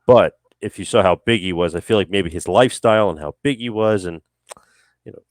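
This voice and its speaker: A man co-hosting a podcast, talking in a relaxed, casual way. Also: sits low, a little fast, no room sound, studio quality. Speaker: podcast co-host. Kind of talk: casual chat.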